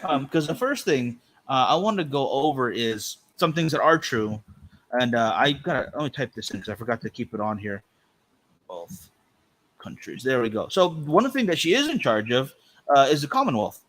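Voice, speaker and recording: A man co-hosting a podcast, chatting casually and spinning deadpan, rambling jokes. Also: medium pitch, moderate pace. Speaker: podcast co-host. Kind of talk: casual joking chat.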